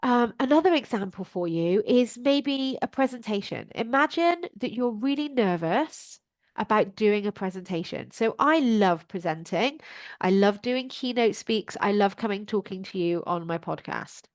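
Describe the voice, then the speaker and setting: A woman, a life coach, hosting her podcast in an animated motivational style and acting out her own inner voice. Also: mid-range voice, moderate pace, dry recording, clean studio sound.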